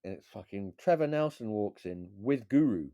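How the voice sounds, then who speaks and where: A man, a DJ and beat maker who is a guest on a podcast, telling stories in a lively, swearing, casual way and acting out what others said. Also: lowish voice, moderate pace, no echo, clean studio sound. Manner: animated, swears freely, acts out quotes. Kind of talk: casual storytelling chat.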